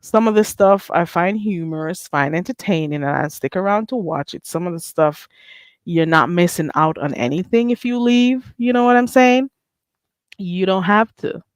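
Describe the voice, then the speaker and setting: With a fairly low voice at a normal pace, a Caribbean-accented woman hosts her own channel in a casual livestream chat. She's blunt, sassy and rhetorical with her viewers, reading their chat names aloud, and there's no room sound.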